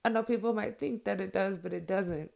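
Blunt, gravelly-voiced woman venting. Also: mid-range voice, fairly quick, darkish tone. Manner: blunt, heated, profane. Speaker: mother sharing her views. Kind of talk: candid monologue to viewers.

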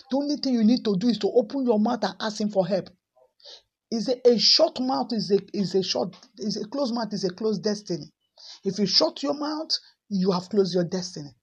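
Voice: mid-range voice, slightly rough, muffled recording. A preacher giving a repetitive, exhorting sermon and praying over listeners, breaking into tongues now and then. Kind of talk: sermon with prayer.

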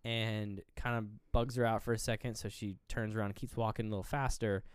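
A man's voice: lowish voice, level tone, a little fast, clean tone, dry recording. A man co-hosting a casual movie review podcast, retelling scenes in a loose, rambling way full of fillers and acting out the characters' lines. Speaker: podcast co-host.

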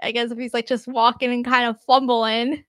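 A woman's voice: a little high, little pitch movement, moderate pace, fairly bright tone, no room sound, studio quality. A woman co-hosting a podcast in casual chat, laughing often and saying "like" a lot. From United States. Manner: giggly, says "like" often. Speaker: podcast co-host.

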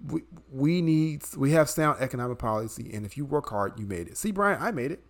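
A man's voice: medium pitch, expressive, a little fast, close to an everyday voice. A man mocking a smug rich free-marketeer. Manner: sarcastic, mocking. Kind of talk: satirical impression in podcast chat.

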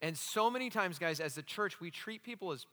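A man's voice: high voice, a little fast. A man preaching as a pastor, telling stories with acted-out dialogue and jokey asides. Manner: animated, acts out dialogue in the stories. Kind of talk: sermon with storytelling. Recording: long hall reverb.

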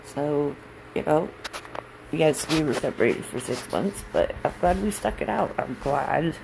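With a low, gravelly, darkish voice, a woman in her forties who is married into the military opens up emotionally about her life. She's blunt and swears when she gets angry. Poor audio adds a little hiss or hum.

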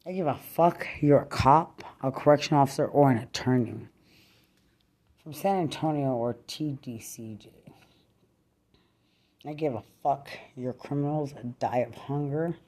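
Furious low husky woman ranting. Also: measured pace, mellow. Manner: furious, repetitive, cursing. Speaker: mother. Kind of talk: angry profane rant.

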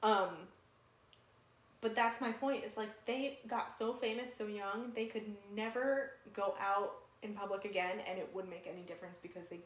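A young woman co-hosts a podcast in relaxed, chatty conversation, using a medium-pitched voice at a moderate pace with frequent fillers and laughter. The recording has a roomy echo.

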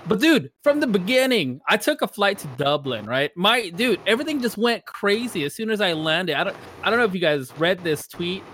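A man casually telling a travel story on a podcast, animated and laughing as he talks. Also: on the high side, a little hiss or hum. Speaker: podcast co-host.

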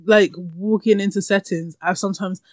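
A woman's voice: mid-range voice, fairly even intonation, moderate pace, no room sound. A young woman hosting her podcast, talking candidly and laughing often, close to the mic in a room at home. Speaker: podcast host. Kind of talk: casual solo podcast chat. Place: room at home with window open. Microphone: podcast microphone, close.

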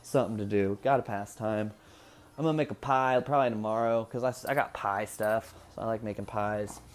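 A man's voice: fairly low pitch, fairly even intonation, fairly quick. Rambling, profane man in his twenties. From Indiana, USA. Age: 20s. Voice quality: rambling, profane, laughs often. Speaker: vlogger. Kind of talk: casual chat. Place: at home.

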